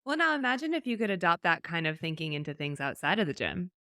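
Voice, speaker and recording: Gravelly woman co-host with lively pitch. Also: fast talker, no echo, studio quality. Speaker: podcast co-host. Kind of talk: casual podcast chat.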